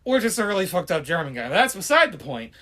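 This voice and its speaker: A woman's voice: on the low side, quick pace. A woman co-hosting a casual podcast, telling a story with lots of laughs and quotes. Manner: animated, laughing storyteller, quotes people in put-on voices. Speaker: podcast co-host. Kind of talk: casual chat.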